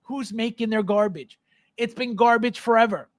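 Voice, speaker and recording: In clean studio sound with no echo, a livestream host rants without a script, swearing, speaking bluntly and emphatically, repeating himself and reading out viewer comments. His man's voice is extremely high, with fairly even intonation at a normal speed.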